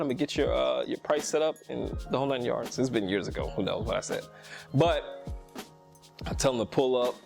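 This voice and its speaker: Upbeat male vlogger, chatty storyteller who keeps laughing and voicing the people he quotes, mid-pitched, music bed underneath. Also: moderate pace, creaky. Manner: animated, laughs often, acts out quoted people in a higher voice. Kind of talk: casual storytelling to camera.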